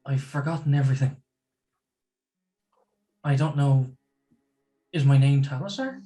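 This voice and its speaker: A man voicing a monk who has lost his memory and speaks in halting bits. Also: mid-range voice, warm tone, close to an everyday voice. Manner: halting, hesitant.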